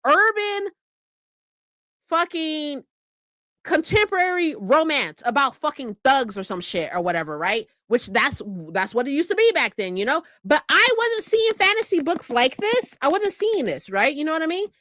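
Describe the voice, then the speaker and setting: Fired-up woman ranting, high and lively. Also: moderate pace, hardly any pauses, no echo. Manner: heated, profane, animated rant. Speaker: book vlogger. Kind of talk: ranting casual vlog.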